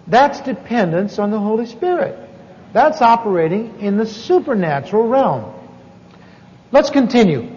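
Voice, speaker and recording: A man telling a story in a sermon, folksy and self-deprecating, with many asides and restarts. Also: high-pitched. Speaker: preacher teaching on evangelism. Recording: dull sound with long hall reverb.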